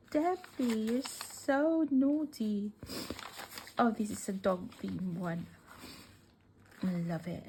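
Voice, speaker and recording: A woman vlogger unboxing crafting gifts in casual chat, gushing and emotional, often dropping to soft whispers, tearful and welling up. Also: medium pitch, background noise. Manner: slow, with many fillers and sighs.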